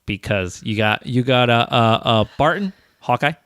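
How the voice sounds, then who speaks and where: An animated man co-hosting a podcast, with a voice that swings up and down a great deal. He talks casually, swears freely and acts out scenes in silly voices. His voice sounds close and dry, with no room around it. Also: mid-range voice, moderate pace, clean tone, no room sound. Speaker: podcast co-host.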